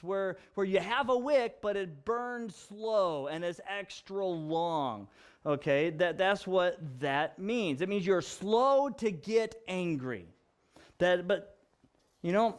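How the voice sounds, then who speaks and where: A man, a pastor, preaching a sermon in a teaching way, explaining word meanings and teasing his listeners with a laugh. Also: high-pitched.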